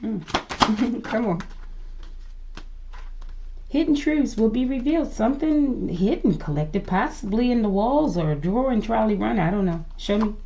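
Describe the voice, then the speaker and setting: A woman's voice: on the high side, expressive, unhurried, dark tone, slight background noise. A woman giving a casual tarot reading to her viewers, musing aloud, asking the cards to show her and often calling her audience "collective". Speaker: tarot reader.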